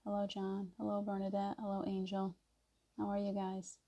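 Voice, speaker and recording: A woman hosting a casual live stream, chatting gently and greeting viewers by name. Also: medium pitch, monotone, moderate pace, dull audio. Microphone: device mic on a video stream.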